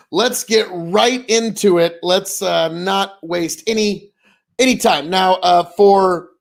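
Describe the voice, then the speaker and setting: A man's voice: high voice, vocal fry. A man hosting a casual video commentary, chatty and folksy, rambling and sending blessings to his viewers. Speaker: political commentary vlogger.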